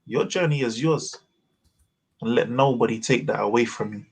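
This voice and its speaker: A man performing spoken word poetry at a virtual open mic, with measured, rhythmic delivery and heavy wordplay, heard over a video call. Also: medium pitch, gravelly, husky.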